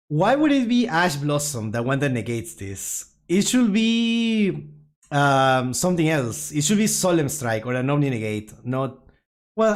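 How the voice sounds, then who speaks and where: Animated, giggly meme-reacting streamer. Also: medium pitch. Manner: laughs often, chatty, self-mocking. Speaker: streamer reacting to viewer-suggested memes. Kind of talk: casual reaction commentary to chat.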